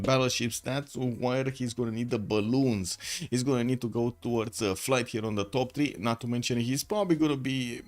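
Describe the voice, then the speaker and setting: Man, mid-pitched voice, live game caster, rambling with fillers, soft music behind. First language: Romanian. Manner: chatty, thinks aloud with many fillers. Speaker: esports caster. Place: home room with the window shut.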